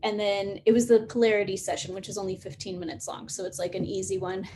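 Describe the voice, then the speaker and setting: A woman in her thirties hosts a casual live-stream Q&A, wandering through her answers with plenty of fillers and restarts. Her pitch sits in a middle range, and a faint background hiss runs under the recording. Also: little pitch movement, fast, warm tone. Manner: rambling, many fillers and restarts. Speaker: host of a live Q&A session.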